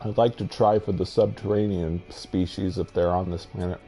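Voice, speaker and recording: A man's voice: low voice, fairly even intonation, moderate pace, dark tone. A man giving musing, hesitant commentary over his own space exploration gameplay, trailing off and restarting his thoughts. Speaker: game video host.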